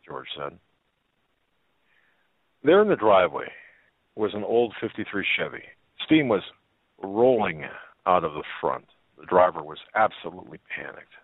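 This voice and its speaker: Low-voiced male host on a phone line. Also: no room sound. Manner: folksy, halting, with many fillers and restarts. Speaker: talk show host. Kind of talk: reading a story aloud on a talk show.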